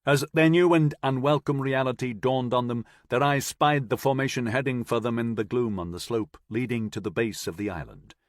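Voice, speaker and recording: A man narrating an audiobook in a steady, measured storytelling manner, recorded on a close mic. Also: mid-range voice, dry recording. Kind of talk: scripted narration.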